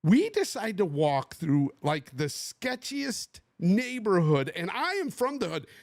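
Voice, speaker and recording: A man's voice: sits high, slow, vocal fry, no room sound, clean studio sound. A man from the Bay Area hosting a podcast, telling a casual story and acting out what other people said. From Bay Area, USA. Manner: animated, acts out quotes of others. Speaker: podcast host.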